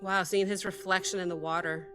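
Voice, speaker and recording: A woman hosting a music reaction video, talking casually and excitably, often apologizing and thinking out loud. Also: mid-range voice.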